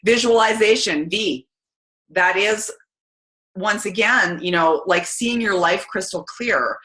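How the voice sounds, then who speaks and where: A chatty, energetic woman, giving a casual motivational talk to her team. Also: mid-range voice, takes it slowly. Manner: chatty and energetic, many fillers. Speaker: team call speaker. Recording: roomy echo.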